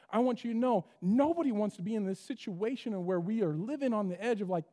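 Male pastor, high voice, animated sermon delivery, long reverb of a church hall. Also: fast talker, few pauses. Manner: animated preaching, acts out voices of the story.

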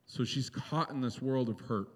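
A man's voice: medium pitch, moderate pace, big-room sound. A male pastor preaching a conversational sermon, often checking in with "right?".

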